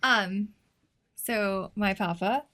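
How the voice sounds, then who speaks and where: A woman's voice: mid-range voice, extremely slow, pushed and bright. A young woman guesting on a casual podcast, telling a story and laughing as she trails off. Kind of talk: casual chat.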